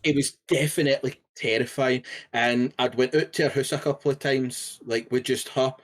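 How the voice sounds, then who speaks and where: A man co-hosting a casual podcast, his voice sitting at an ordinary middle pitch. He tells long, meandering stories in a relaxed way. He swears freely. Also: normal speed. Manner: laid-back, rambling storytelling with swearing. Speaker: podcast co-host. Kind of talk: casual chat.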